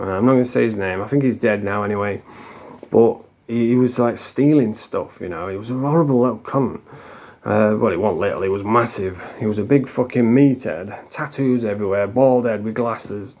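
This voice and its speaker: A man's voice: on the low side, a little mellow. A middle-aged man tells blunt, rambling stories casually to camera, swearing a lot and restarting his sentences. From England. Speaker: recovering addict sharing stories.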